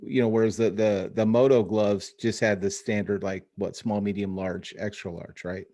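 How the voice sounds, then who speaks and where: A man's voice: on the low side, fairly even intonation, moderate pace, dark tone. Rambling casual male podcast host. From Phoenix area, US. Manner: rambling, many restarts, says dude and bro. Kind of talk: casual chat over video call.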